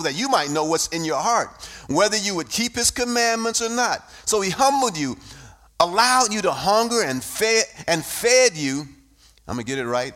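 A man preaching a sermon, moving from reading scripture into shouted, sing-song testimony. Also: high-pitched. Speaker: pastor.

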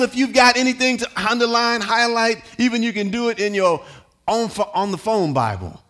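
A man preaching a sermon as pastor in a church, building to shouts, repeating words and calling on the congregation to respond. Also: extremely high pitch. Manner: repeats words, sings some lines. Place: church hall.

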